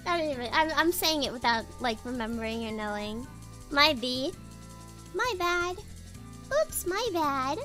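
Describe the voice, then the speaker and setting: Very high-pitched giggly young woman streamer. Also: animated, unhurried, pushed and bright, soft background music. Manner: giggly, rambling, laughs often. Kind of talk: casual stream chat.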